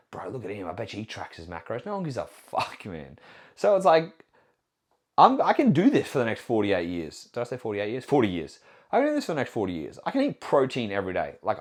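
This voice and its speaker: A man, a nutrition coach hosting a casual solo podcast, blunt and profane, asking himself questions and answering them. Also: mid-range voice. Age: 20s.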